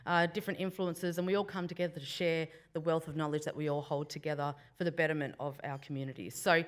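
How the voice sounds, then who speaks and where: A woman's voice: deep voice, steady tone, fast talker. A woman with an Australian accent giving a Welcome to Country speech to a breakfast crowd, joking with the room between formal thanks. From Western Australia. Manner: warm, playful crowd banter. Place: event room before a breakfast audience.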